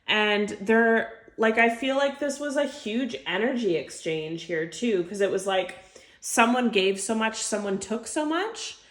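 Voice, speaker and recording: A woman's voice: a little high, lively intonation, a little slow. A woman giving an intuitive tarot reading to camera, chatty and heartfelt, full of filler words. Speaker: tarot reader. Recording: echoey room.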